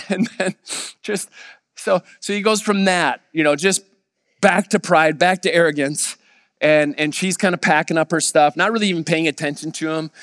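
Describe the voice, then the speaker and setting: A man preaching a sermon, his smooth, clear voice sitting fairly high. He tells a story, livening up the quoted lines. The sound carries a long reverb tail, as from a large hall. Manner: storytelling, quoting others in a lively voice. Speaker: pastor. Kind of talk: sermon with anecdote.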